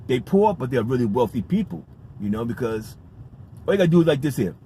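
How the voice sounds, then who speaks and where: A man's voice: mid-range voice, sing-song, fairly quick, warm tone, a little hiss or hum. A man telling a story in a casual, rambling vlog, emphatic and repetitive, with some swearing. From United States. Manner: rambling, emphatic, profane, repeats himself. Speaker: vlogger.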